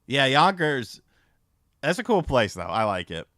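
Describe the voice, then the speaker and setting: A man chatting on his livestream, his pitch swinging widely as he rambles through stories with plenty of swearing and fillers. His voice is bright and cutting, close to the mic in a dry, dead room. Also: very animated, measured pace, no room sound. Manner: rambling, profane, frequent fillers. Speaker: livestream host. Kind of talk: casual stream chat and storytelling.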